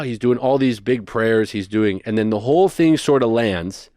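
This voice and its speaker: Animated man telling a story. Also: mid-range voice, dry recording, clean studio sound. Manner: animated, fast bursts of detail. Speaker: guest. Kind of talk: storytelling in a conversation.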